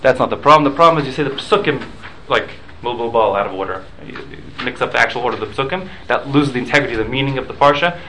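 A man's voice: mid-range voice, expressive, fast talker, hardly any pauses, sharp tone, slight background noise, rough recording. A man leading a casual study class, explaining points patiently, mixing in Hebrew and Aramaic study terms and checking in with listeners. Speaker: Talmud class teacher.

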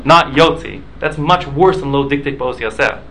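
A man's voice: mid-range voice, normal speed, bright, forceful tone, a little hiss or hum, low-quality recording. A man leading a casual study class, explaining points patiently, mixing in Hebrew and Aramaic study terms and checking in with listeners. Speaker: Talmud class teacher.

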